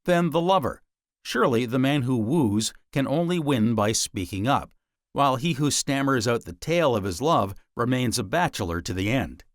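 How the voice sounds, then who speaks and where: A man narrating a nonfiction audiobook in a measured, deliberate way, with dramatic pauses. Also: mid-range voice, lively intonation, no room sound, studio quality.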